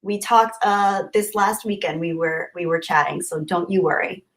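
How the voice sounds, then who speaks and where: At a moderate pace and in a fairly low voice, a woman hosts a live stream, chatting casually. She reads out viewers' chat messages and greets them with warm, gushing thanks, laughing a lot along the way.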